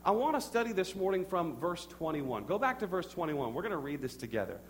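Animated young pastor preaching in a hall. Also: male voice, fairly high pitch, brisk. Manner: animated, addresses the congregation directly; storytelling with audience prompts. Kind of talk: sermon. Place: church sanctuary with congregation. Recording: reverberant hall with faint hum.

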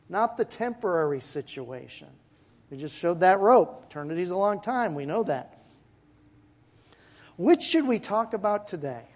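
A man preaching a sermon to his congregation in a church, in a conversational way with asides and quick jokes. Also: high voice. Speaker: pastor. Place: church sanctuary.

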